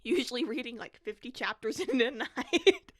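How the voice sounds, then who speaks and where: A woman's voice: on the high side, lively intonation, moderate pace, no echo, clean studio sound. A young woman co-hosting a casual podcast chat, giggly and a bit dramatic as she talks. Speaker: podcast co-host.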